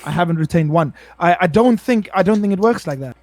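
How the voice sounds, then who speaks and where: A young man with a South African accent, chatting casually and slangily on a podcast. His voice sits a little high for a man. The sound is dry and close, with no room echo. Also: lively intonation, fast, a little mellow. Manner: laid-back slangy, says bro often. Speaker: guest streamer.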